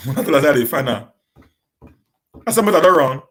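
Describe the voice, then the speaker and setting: A man's voice: fairly high pitch, animated, fairly bright tone. Stammering Nigerian man hosting a live Q&A. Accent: Nigerian, with Pidgin English. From Edo State, Nigeria. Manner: stammers, repeating words and restarting; talks fast on purpose to avoid getting stuck. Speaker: live-stream host answering viewers. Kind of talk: casual live-stream Q&A.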